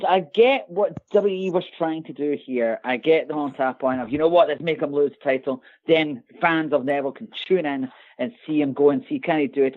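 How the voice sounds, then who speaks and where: Scottish man ranting over a tinny line. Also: a little high. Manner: animated, ranting, sarcastic asides. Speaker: podcast co-host. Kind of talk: casual podcast chat. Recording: tinny phone-like call line.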